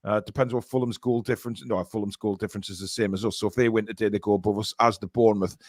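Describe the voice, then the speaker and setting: A man commentating live on a football match as a fan and co-host, excitable and blunt, sometimes swearing. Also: lowish voice, very fast.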